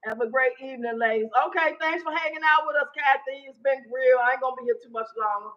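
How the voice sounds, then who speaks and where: A woman in her fifties hosting a casual live chat, loud, blunt and profane. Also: high-pitched, quick pace, muffled recording. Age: 50s. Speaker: livestream host.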